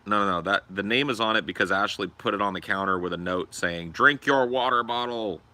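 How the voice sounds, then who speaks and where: A young man with a very low voice and a hard, forceful edge chats casually on a livestream. He is crude and profane, joking his way along. His delivery stays loose and unscripted. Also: steady tone, fast talker. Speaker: livestream host.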